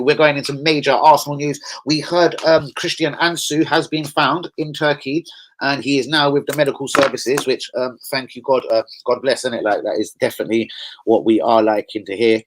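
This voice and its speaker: A man chatting excitably as a football fan vlogger, full of slang and swearing. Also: medium pitch, a little hiss or hum, rough recording. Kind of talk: casual fan chat.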